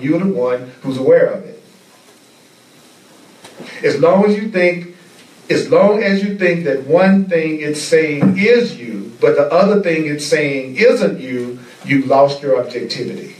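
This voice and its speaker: A man teaching a spiritual class, speaking slowly and deliberately and repeating key phrases for emphasis. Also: on the high side, lively intonation. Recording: echoey room, mic at a distance.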